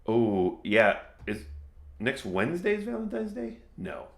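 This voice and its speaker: A man narrating a tabletop game as game master, chatty, laughing easily and slowing down for dramatic moments. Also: mid-range voice, huge pitch swings, creaky.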